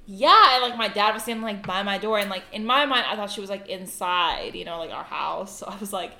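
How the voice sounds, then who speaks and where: A young woman co-hosting a podcast, telling a story in casual chat, animated and swearing freely as she acts out the people in it. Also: medium pitch, fast, reverberant. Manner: animated, swears a lot, acts out quoted voices. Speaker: podcast co-host.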